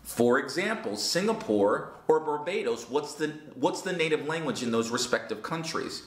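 A man's voice: on the high side, expressive, normal speed. A man teaching English, answering a viewer's question in an earnest, emphatic way with many rhetorical questions. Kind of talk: talking-head lesson answering a viewer question. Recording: roomy echo.

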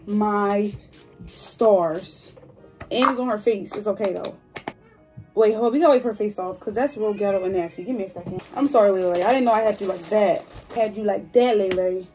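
A woman in her twenties chatting excitedly to her viewers in a hair vlog, gushing and talkative. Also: medium pitch. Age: 20s. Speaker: hair vlogger. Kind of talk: casual chat to viewers. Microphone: phone.

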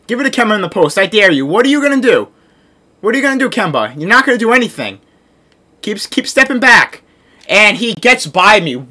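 Excitable young man ranting over gameplay. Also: on the high side, a little fast. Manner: frustrated ranting, yelling at the game. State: overheated and sweating. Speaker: gaming video creator. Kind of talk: live gameplay commentary. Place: hot room at home.

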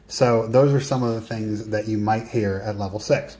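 A man's voice: fairly low pitch, fairly even intonation, moderate pace, hardly any pauses, dark tone. A man giving a recorded coaching lesson, talking straight to the listener and setting writing tasks. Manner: direct, talks to the listener, gives writing tasks.

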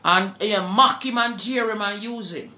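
A woman with a Jamaican accent preaching to a live online audience, slow and fervent, at times breaking into song. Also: mid-range voice, echoey room, heavy background noise.

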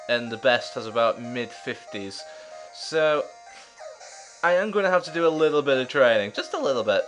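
A man's voice: mid-range voice, a bit bright. A man hosting a let's play, giving casual gameplay commentary with chatty, jokey, self-mocking asides.

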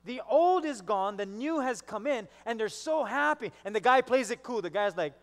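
A man's voice: very high voice, lively intonation, normal speed, few pauses, in a large hall. A male pastor preaching a sermon, telling stories and acting out the voices of the people in them. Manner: storytelling, acts out quoted voices.

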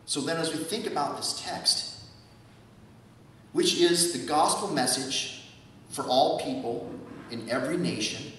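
A man's voice: fairly high pitch, a little slow, long pauses, a bit bright, a little hiss or hum. A man preaching a sermon as pastor, asking rhetorical questions and repeating key words for emphasis. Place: church sanctuary. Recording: echoey church hall, from far off.

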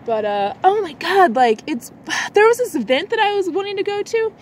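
A woman chatting casually in a vlog, rambling with lots of likes and restarts, swinging between a low lazy voice and a bright high one. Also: very animated, moderate pace, slight background noise. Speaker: vlogger.

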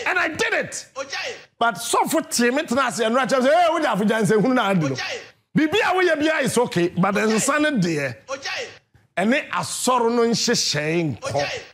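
Ghanaian male radio host, very high voice, lively swooping delivery, emphatic storyteller who shouts often. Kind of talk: animated storytelling monologue.

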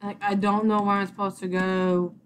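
Young woman gamer, rambling let's play chatter, mid-pitch, keeps groaning at the game. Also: level tone, normal speed. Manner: exasperated, rambling, mock-cursing at the game. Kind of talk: casual gameplay commentary.

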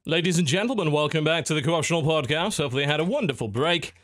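A man's voice: a little high, rapid-fire, a bit bright, no echo. Dry, articulate male podcast host. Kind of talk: casual podcast chat.

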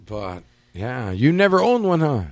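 A man's voice: mid-range voice, sing-song, a little slow, no echo. A man hosting a podcast, telling profane, slang-heavy stories in casual chat. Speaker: podcast host.

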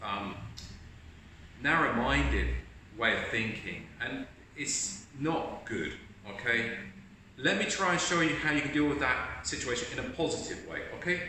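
A male video host gives a chatty, encouraging self-help talk to camera in a bright, forceful, mid-range voice. The audio, captured from a distant mic in an echoey room, carries a slight hiss or hum.

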